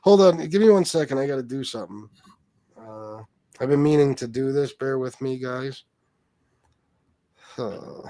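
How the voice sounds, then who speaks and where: A man's voice: medium pitch, normal speed, long pauses, mellow, no room sound. A man hosting a casual livestream who reads chat aloud and rambles with plenty of profanity. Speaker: livestream host.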